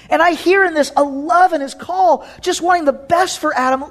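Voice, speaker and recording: A man's voice: very high-pitched, normal speed, few pauses, a bit bright. A man pastor preaching a sermon, reading scripture and joking, with sudden dramatic swings in his delivery.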